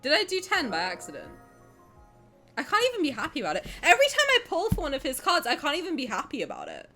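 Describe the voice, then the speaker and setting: A young woman live-streaming a game and chatting with viewers, excitable and dramatic, swearing and laughing between outbursts. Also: high voice, quick pace, faint music behind.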